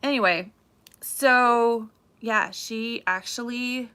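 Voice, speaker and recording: A woman chatting casually on a livestream, gossipy and animated, repeating herself as she tells a local story. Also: on the high side, slow, clean tone. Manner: chatty, animated, says "craziness" often. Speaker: realtor livestream host.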